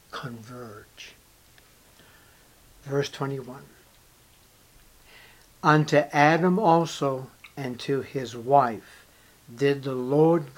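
Dramatic, slow-talking male preacher. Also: mid-range voice. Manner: dramatic swings from loud scripture reading to hushed emphasis. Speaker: pastor. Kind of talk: sermon.

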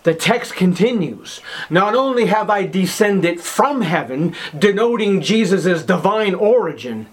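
A man preaching a sermon, emphatic, swinging from loud declarations to hushed, slow words. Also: sits high, expressive.

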